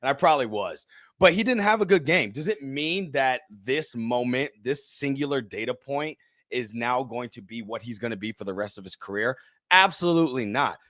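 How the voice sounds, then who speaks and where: A man's voice: medium pitch, a bit bright, no echo, studio quality. A young man co-hosting a sports podcast, agreeing easily and laughing as he talks through his view. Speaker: podcast co-host. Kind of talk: casual podcast chat.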